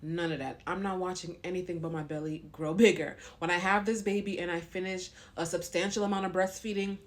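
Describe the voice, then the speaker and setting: A woman's voice: fairly low pitch, fairly even intonation, fairly quick. A pregnant young woman talking to camera in a casual vlog, frank and long-winded. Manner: blunt and frank. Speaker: vlogger.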